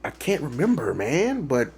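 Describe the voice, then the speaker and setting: A man's voice: mid-range voice, huge pitch swings, normal speed, darkish tone, a little hiss or hum. A man hosting a reaction video, talking in a rambling, casual way with lots of fillers and restarts and laughing at his own jokes.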